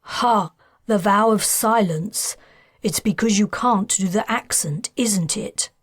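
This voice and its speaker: A woman voicing a smooth, scheming man of high society who bargains in clipped lines, in an audiobook. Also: slow, no room sound, clean studio sound. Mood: pleased.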